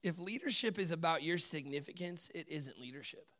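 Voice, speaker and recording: A man preaching a sermon, telling stories with lively acted-out dialogue, dropping to hushed lines and rising to loud bursts. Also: fairly high pitch, brisk. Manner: animated storytelling, acts out dialogue, swings from hushed to loud.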